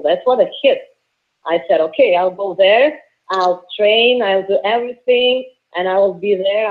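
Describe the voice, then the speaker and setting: A woman in her late twenties from Russia with a Russian accent, a professional wrestler answering interview questions earnestly with many hesitations. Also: fairly low pitch. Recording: tinny phone line.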